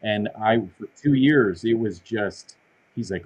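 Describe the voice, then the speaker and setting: A middle-aged man guests on a podcast, his voice sitting a little low. He talks in a lively, self-deprecating way, rushing through his stories. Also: slightly rough, lo-fi sound. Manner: animated, self-deprecating storyteller. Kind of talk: casual conversation.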